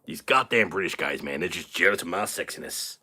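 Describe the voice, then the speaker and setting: A man's voice: low voice, animated, fairly quick, bright, forceful tone, full character voice. British man doing a crude swaggering American guy. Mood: boastful. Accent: put-on American. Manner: vulgar, swaggering, ends lines with "man". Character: crude cocky American man who insults Brits. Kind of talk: live-stream character bit.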